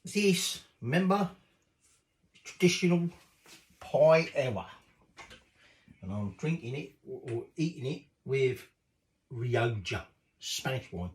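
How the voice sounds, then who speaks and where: A man's voice: medium pitch, sing-song, takes it slowly, pauses often, poor audio. A man chatting cheekily while cooking in his home kitchen, swearing casually as he goes. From Britain.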